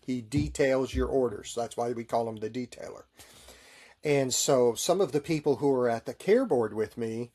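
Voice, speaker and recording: A man's voice: mid-range voice, normal speed, a little mellow, breathy edge. A middle-aged man who is a Navy chaplain, answering interview questions with easy, good-humored stories.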